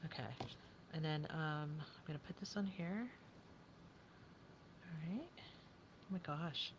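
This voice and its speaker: A woman's voice: low voice, takes it slowly, background noise. A woman chatting casually as she works on a craft project, thinking aloud and often dropping to a whisper.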